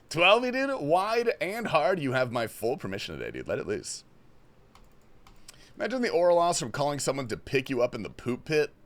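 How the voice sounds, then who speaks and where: Young man, from Australia, casual stream chat, animated up-and-down voice, swears a lot. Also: mid-range voice, moderate pace, pauses often. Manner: reads chat questions aloud and answers loosely, swearing often. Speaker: livestream host. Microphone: headphones and desk mic.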